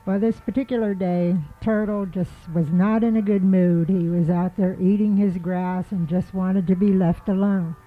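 A woman telling an animal folk tale in a relaxed, rambling storytelling manner. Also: medium pitch, normal speed, hardly any pauses. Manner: relaxed, with frequent fillers and restarts. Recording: tinny phone-like line with faint music.

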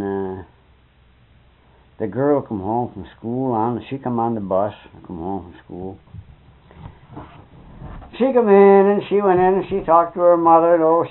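An older man spins folksy, rambling yarns in plain country speech, swearing mildly as he goes. His voice sits a little high for a man. The recording is thin and tinny, like an old tape played down a phone line. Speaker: interviewee. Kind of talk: rambling anecdotal storytelling.

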